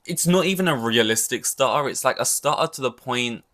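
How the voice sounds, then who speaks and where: A man's voice: medium pitch, expressive, fairly quick, a bit bright. A man hosting a podcast in loose, rambling casual chat, full of "like" and the odd swear word. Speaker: podcast host.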